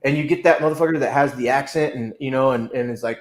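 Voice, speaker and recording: A man co-hosting a casual livestream chat, telling profane, animated stories and slipping into put-on voices. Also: medium pitch, quick pace, roomy sound. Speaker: co-host.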